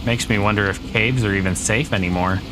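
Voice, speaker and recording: Over background noise, a man with a lowish voice talks briskly while streaming a survival game. His commentary is easygoing: he reasons out loud and doesn't let setbacks bother him.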